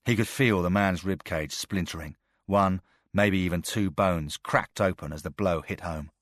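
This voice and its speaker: In a very deep voice, a male narrator reads a thriller audiobook at an even, controlled pace. The sound is close and dry, free of any room ambience.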